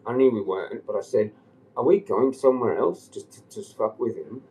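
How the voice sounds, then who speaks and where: A man's voice: mid-range voice, expressive, a little fast, darkish tone, low-quality recording. A man on a livestream telling a long rambling story, agitated and swearing often. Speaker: live streamer.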